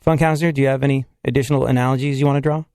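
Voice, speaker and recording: A man's voice: mid-range voice, steady tone, rapid-fire, a little mellow, dry recording, clean studio sound. A male radio host joking casually with his co-host in a wry, laughing manner. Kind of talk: casual comedic radio chat.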